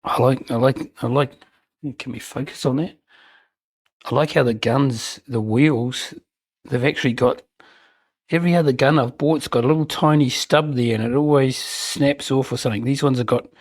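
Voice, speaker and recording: A man rambling with cheerful enthusiasm about his latest hobby pieces, his voice slightly breathy and husky. He talks at an ordinary middle pitch, and the recording is dry and close, with no room echo. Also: fairly even intonation, normal speed. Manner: chatty, rambling, enthusiastic, self-mocking. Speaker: miniature wargaming channel host. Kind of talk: casual unboxing and hobby chat.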